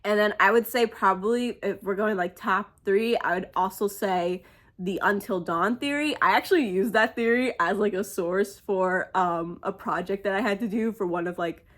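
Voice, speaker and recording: A young woman speaking in a casual, heartfelt monologue. She gushes and rambles, filling her talk with little fillers, and her voice sits at an ordinary middle pitch. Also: moderate pace, a bit bright. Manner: gushing and emotional, many "like" fillers. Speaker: fan sharing a tribute.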